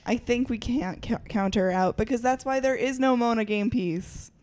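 A woman's voice: on the high side, a little mellow. Chatty woman podcast co-host. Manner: quick, laughs often, says "like" a lot. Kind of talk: casual chat.

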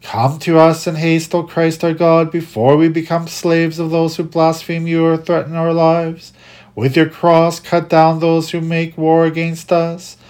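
A reader reciting liturgical prayers and psalms in a steady cadence, with occasional stumbles and restarts. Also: mid-range voice, measured pace.

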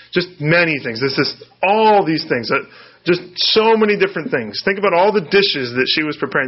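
A man from the United States preaching a conversational sermon, asking rhetorical questions and often restarting his sentences. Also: fairly high pitch. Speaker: pastor. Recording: dull lo-fi sound.

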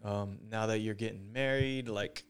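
A man's voice: lowish voice, fairly even intonation, normal speed, smooth. A young man hosting a podcast in casual chat, laid-back and laughing, with lots of fillers. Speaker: podcast host.

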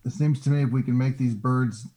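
A man offering thoughtful suggestions as a player in a tabletop game. His voice has a mellow, darker tone and sits at an ordinary middle pitch. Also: steady tone, fairly quick.

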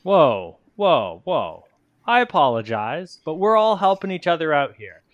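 A man's voice: fairly high pitch, very animated, unhurried, no echo, lo-fi sound. A man voicing a friendly, determined male hedgehog-folk carpenter with an easygoing, placating manner.

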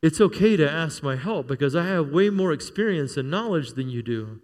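A man's voice: a little high, lively intonation, normal speed, big-room sound. A middle-aged male pastor preaching a sermon, telling stories with humor and asking the church for amens. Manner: storytelling with humor, calls for amen.

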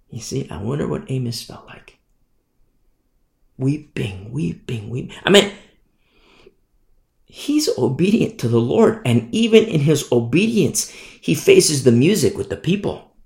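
A male preacher giving an animated sermon, acting out scenes as he goes. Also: medium pitch, measured pace, gravelly, pauses often.

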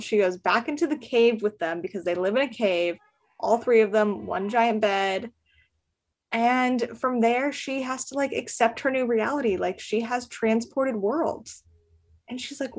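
Chatty woman recapping a book. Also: mid-range voice. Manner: chatty, filler-heavy, laughs often. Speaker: podcast guest. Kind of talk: casual book recap chat.

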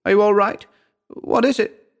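A man voicing a timid, hesitant farm wife in a read-aloud story, his voice raised high and pleading. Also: steady tone, moderate pace, creaky.

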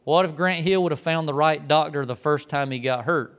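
Smooth-voiced man preaching conversationally. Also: a little high, brisk, a bit bright. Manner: folksy storytelling, talking straight to the room. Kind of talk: conversational sermon.

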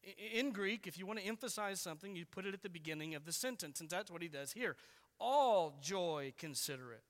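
Guy preaching, high voice, earnest, slows way down on the big words, church echo. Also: sharp tone. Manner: earnest and deliberate, with emphatic slowed key words. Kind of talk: sermon. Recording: long reverb of a large hall.

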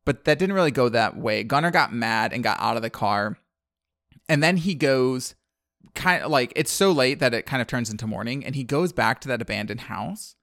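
A man in a casual chat, retelling a story with lively delivery and quick shifts into the characters' voices. His voice sits at a medium pitch and is recorded dry and close, with no room sound. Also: vocal fry, no echo. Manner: animated storyteller, acts out characters' lines. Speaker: podcast co-host recapping a film.

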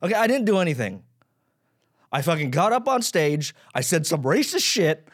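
Self-mocking man ranting, lively pitch. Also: normal speed, husky. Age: 30s. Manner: self-deprecating, swearing, rambling. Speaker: podcast host. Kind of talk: casual solo rant.

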